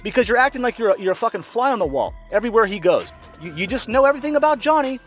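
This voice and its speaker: A high-voiced man rants through a commentary video, sarcastic and openly exasperated, swearing freely as he reads and mocks quotes. His tone keeps swinging between mock outrage and weary disbelief. Faint music sits underneath. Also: big pitch swings, rapid-fire, few pauses. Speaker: commentary vlogger. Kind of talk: ranting commentary.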